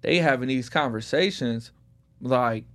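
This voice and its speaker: A man's voice: mid-range voice, unhurried, fairly bright tone. Slang-heavy man telling his story. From Detroit. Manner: laid-back storytelling with street slang. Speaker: guest. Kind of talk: casual podcast conversation.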